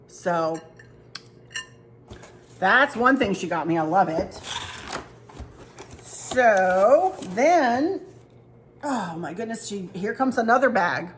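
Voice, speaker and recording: A woman's voice: medium pitch, lively intonation, takes it slowly, pauses often, slight background noise. A woman home decor vlogger in casual chat at her kitchen table, telling stories and talking directly to her viewers. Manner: chatty, storytelling, talks to viewers directly. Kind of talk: casual chat showing gifts.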